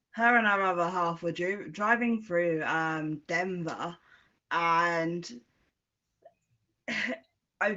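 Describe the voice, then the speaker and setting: A woman, a podcast guest, telling a story in an animated way and swearing casually. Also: fairly low pitch. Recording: dull lo-fi.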